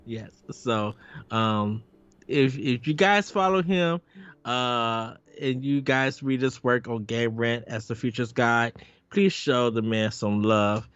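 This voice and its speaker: A man's voice: medium pitch, takes it slowly, fairly bright tone, smooth, no room sound, highs cut off. A man hosting a gaming podcast, upbeat and sing-song with lots of ums, in casual chat. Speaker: podcast host.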